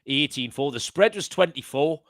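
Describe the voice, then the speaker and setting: A man's voice: a little high, expressive, moderate pace, a bit bright, no echo, clean studio sound. A man hosting a podcast, chatting casually and amusing himself with his own banter. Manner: chatty, self-amused banter. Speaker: podcast host.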